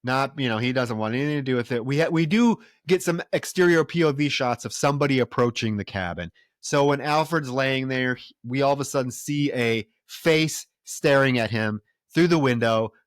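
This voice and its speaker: In a relaxed conversation on the film podcast he co-hosts, this man recounts scenes with lively, easygoing energy, cursing without restraint. He speaks at normal speed with hardly any pauses, his pitch is mid-range, and the close-miked sound is dry with no echo.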